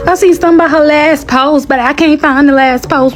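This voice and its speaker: A woman's voice: sits high, steady tone, a little fast, soft background music. A woman in a reaction clip, frantic and confused, asking the same question over and over.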